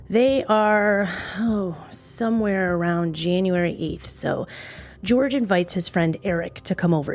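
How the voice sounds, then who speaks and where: A woman's voice: medium pitch, a little mellow. A woman hosting a podcast, telling a true crime story in a casual, chatty way, skeptical and acting out the quotes with jumps in her voice. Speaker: podcast host.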